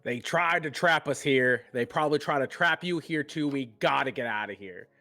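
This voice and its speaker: A man's voice: mid-range voice, moderate pace, sharp tone. A man talking as a tabletop game player in an urgent, wary way.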